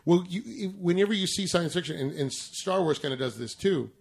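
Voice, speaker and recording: A man's voice: sits high, lively intonation, normal speed, gravelly. A man in casual chat, explaining a TV episode at length with trivia and frequent restarts.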